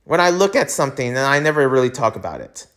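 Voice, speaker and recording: Very animated and fast, this mid-range, slightly bright voice belongs to a US podcast host ranting on his own show. He gets fired up and emphatic, stumbling through fillers and restarts as he rambles.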